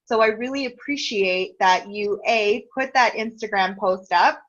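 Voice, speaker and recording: A woman's voice: mid-range voice, unhurried, fairly bright tone, highs cut off. A woman hosting a casual interview over a video call, earnest and grateful, talking openly and getting emotional. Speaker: interview host.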